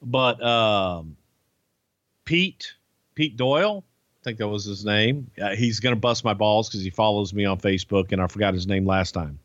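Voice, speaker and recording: A man casually telling a profane, animated anecdote on a podcast. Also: on the low side, normal speed, no echo. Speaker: podcast storyteller. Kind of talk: casual storytelling. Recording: dull lo-fi podcast audio.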